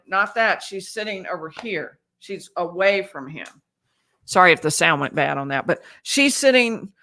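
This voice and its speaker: A woman's voice: medium pitch, bright, forceful tone, no room sound, clean studio sound. A woman lawyer giving conversational live commentary on a trial, reading out quotes and often restarting her sentences. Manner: conversational, reads out transcript quotes, frequent restarts. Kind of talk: livestream legal commentary.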